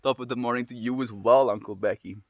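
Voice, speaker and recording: A man's voice: medium pitch, steady tone, fast, no echo. A young man streaming, chatting with his viewers in an earnest, heartfelt, rambling way, sighing often. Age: young adult. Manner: earnest, heartfelt and rambling, full of sighs and "dude". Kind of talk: casual chat with viewers.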